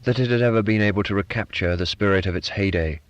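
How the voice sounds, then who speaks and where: Male audiobook narrator, measured storytelling, fairly low voice, dry close sound, slightly dull. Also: no echo. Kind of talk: literary fiction reading.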